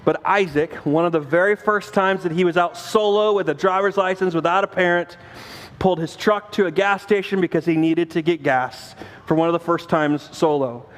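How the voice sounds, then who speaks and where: A man in his forties preaching a sermon, telling a family story with animated acted-out dialogue and self-mocking laughter. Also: sits high, normal speed. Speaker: pastor. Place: church sanctuary. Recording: long reverb of a church hall.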